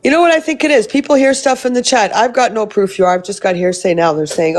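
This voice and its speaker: A woman hosts a casual live stream, reading and answering her viewers' comments. She talks in a blunt, rambling way and swears freely. Her voice sits at an ordinary mid pitch. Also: fast talker.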